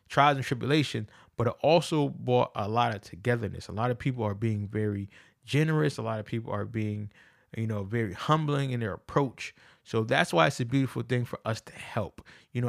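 Gravelly-voiced man giving an earnest pep talk. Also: medium pitch, no room sound, clean studio sound. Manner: earnest, repeats phrases for emphasis. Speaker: podcast host. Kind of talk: casual motivational monologue.

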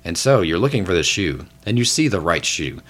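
A man's voice: low voice, big pitch swings, fairly bright tone. A man narrating a tabletop game as game master, comic and profane, laughing often. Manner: laughs often, swears casually, slips into quick voices for passersby.

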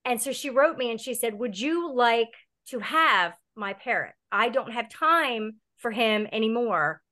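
Chatty higher-voiced woman storyteller. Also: sharp tone. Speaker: podcast guest, bird owner. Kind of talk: casual podcast chat.

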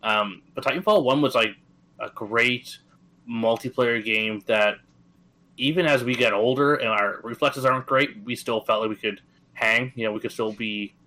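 A man's voice: mid-range voice, normal speed, bright, forceful tone, poor audio. A man in his thirties from Atlantic Canada, co-hosting a gaming podcast in easygoing casual chat. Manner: easygoing, many fillers and restarts. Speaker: podcast co-host.

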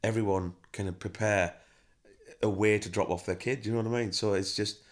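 Chatty deep-voiced man. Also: normal speed. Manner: chatty, animated storytelling with acted-out quotes. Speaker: band member and manager, guest. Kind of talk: casual interview chat.

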